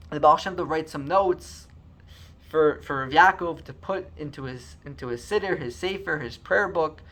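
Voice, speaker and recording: A man telling a story aloud, acting out the characters' lines with lots of feeling and frequent restarts. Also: a little high. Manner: animated, acts out dialogue with many restarts. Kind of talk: storytelling narration.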